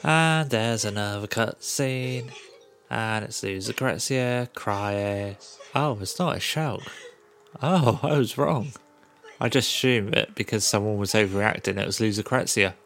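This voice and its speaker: Low-voiced sarcastic man. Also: a bit bright. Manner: sarcastic, swears freely, mocks the game's characters. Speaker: podcast host. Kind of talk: casual game recap.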